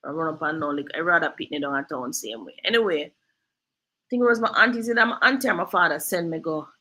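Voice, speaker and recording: Woman host, bright tone, chatty storyteller with patois. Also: deep voice, fast, poor audio. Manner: lively storyteller, drifts into patois. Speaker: real estate agent and host. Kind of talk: casual storytelling chat.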